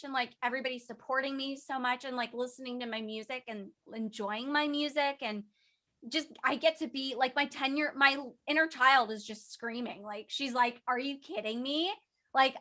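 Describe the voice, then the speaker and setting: A woman's voice: high-pitched, sharp tone. A young woman, a voice actress and singer, answering interview questions in a bubbly, emotional way with lots of fillers.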